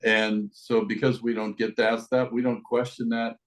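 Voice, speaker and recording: A man's voice: medium pitch, flat delivery, moderate pace, low-quality recording. A middle-aged American man, a life coach, talking in an expansive, reflective way as a guest on a podcast interview. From United States.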